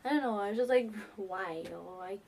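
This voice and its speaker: A teenage girl excitedly telling a rambling fan story, full of fillers. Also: fairly high pitch, fast talker. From New York. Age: teens. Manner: gushing, rambling, many fillers. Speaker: fan vlogger.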